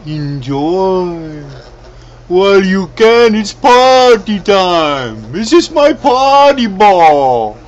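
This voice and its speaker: A man playing a sinister showman magician who intones slowly and theatrically. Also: high voice, very animated, exaggerated voice. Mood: ominous. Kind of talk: comedic villain monologue. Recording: dull lo-fi sound.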